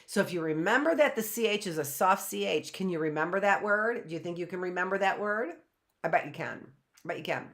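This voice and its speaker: A middle-aged woman teaching a live online phonics lesson, patiently asking questions and slowly sounding words out. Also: lowish voice, expressive, a bit bright.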